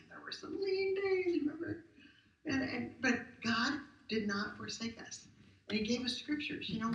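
A middle-aged woman pastor preaches in a conversational, emphatic way, often asking the congregation rhetorical questions. Her voice sits a bit high. She is some way off the mic, and her voice carries through a roomy church hall. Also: vocal fry, a bit bright, dull audio. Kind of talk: sermon. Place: church sanctuary. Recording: roomy hall captured from a distance.

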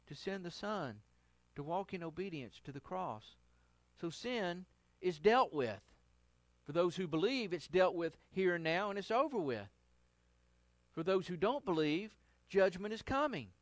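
A male pastor giving a conversational Bible study sermon, acting out the quotes he reads with lively inflections. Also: sits high, measured pace, dry recording.

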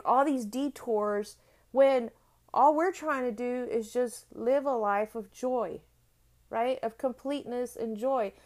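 A middle-aged woman speaking in a slightly high voice, delivering a heartfelt motivational talk. She leans on repetition to drive points home and keeps asking her listeners "right?". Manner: earnest, repeats phrases for emphasis, asks "right?" often.

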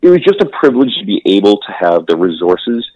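A man co-hosting a podcast in casual chat, enthusiastic and quick to laugh, swearing freely. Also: on the low side, sing-song, dry recording, phone-quality sound. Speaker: podcast co-host.

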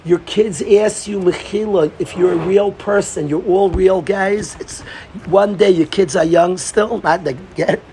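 Excitable high-voiced man giving a Torah talk. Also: a little slow, a little hiss or hum. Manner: excitable, repeats himself, restarts sentences. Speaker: Torah teacher. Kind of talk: informal Torah talk to a group.

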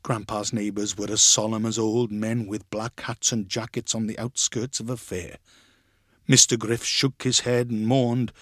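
A man's voice: lowish voice, unhurried, no echo, studio quality. Man reading a story expressively. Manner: expressive, acts out the voices. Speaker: reader.

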